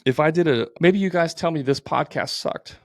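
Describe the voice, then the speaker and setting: A man's voice: on the high side, moderate pace, dry recording, clean studio sound. A man hosting a solo podcast, talking bluntly and informally, repeating his points with plenty of fillers. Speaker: podcast host.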